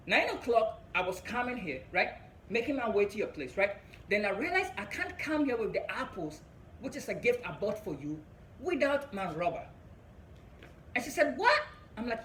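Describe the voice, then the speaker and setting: A young Ghanaian man doing stand-up storytelling, animated and laughing at his own story. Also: very high voice, normal speed, roomy sound, slight background noise, low-quality recording. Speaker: stand-up comedian.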